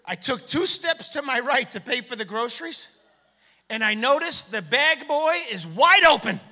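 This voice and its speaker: A man doing a stand-up comedy set, animated, acting out shouted bits of his stories. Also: very high voice, fairly quick. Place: theater stage. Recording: long hall reverb from a theater.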